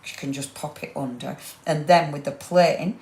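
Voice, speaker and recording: A woman's voice: low-pitched, fairly even intonation, normal speed, gravelly, darkish tone. Woman, craft demo host, rambling chatty delivery, roomy echo. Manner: chatty and gushing, rambling asides. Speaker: craft demonstrator.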